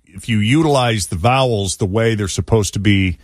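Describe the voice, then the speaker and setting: A man's voice: fairly low pitch, normal speed, no echo, clean studio sound. A man hosting a radio show, explaining things in an easygoing, chatty way. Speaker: radio host. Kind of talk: casual studio chat. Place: radio studio.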